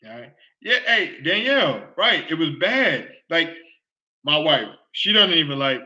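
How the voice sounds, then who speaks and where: A very animated man talks a little slowly in a sharp tone on a lo-fi recording, hosting his own live online sports and culture show. Ranting casually to the audience, he repeats himself, exclaims, and acts out scenes in a shrieking falsetto.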